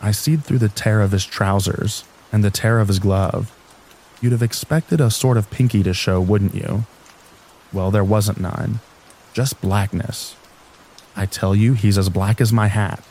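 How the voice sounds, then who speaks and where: A man's voice: lowish voice, steady tone, unhurried, a little mellow, a little hiss or hum, low-quality recording. A man voicing a gossiping rural villager who speaks in rustic dialect and a confiding tone.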